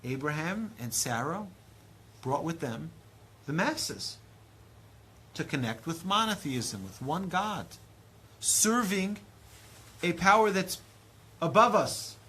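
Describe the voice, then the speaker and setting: A man in his thirties, a rabbi giving a lively Torah lecture, acting out dialogue with big swings in pitch and loudness. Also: takes it slowly, long pauses, breathy edge. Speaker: rabbi teaching a class.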